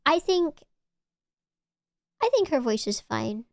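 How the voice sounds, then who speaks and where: Chatty high-voiced woman streamer. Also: very animated, takes it slowly, vocal fry, no echo, clean studio sound. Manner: chatty, stammering restarts, gushing. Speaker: VTuber streamer. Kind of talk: casual chat with live chat.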